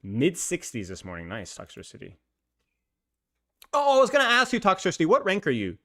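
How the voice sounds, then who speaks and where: A man's voice: on the high side, wildly swooping pitch, brisk, bright, forceful tone. A man streaming, chatting casually with viewers while gaming, laughing often and using lots of filler words. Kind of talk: casual live-stream chat.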